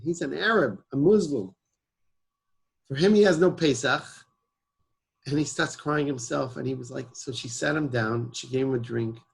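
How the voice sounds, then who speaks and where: A man's voice: medium pitch, normal speed, vocal fry, slightly rough, low-quality recording. A man, guest in an interview, earnestly telling a personal story and mixing in Hebrew words. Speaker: guest, emergency service founder.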